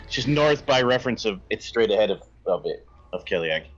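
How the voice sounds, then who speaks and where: Game master, male, low voice, meandering scene narration; dull lo-fi mic, faint music underneath. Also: expressive, fairly quick. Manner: descriptive, rambling, self-correcting.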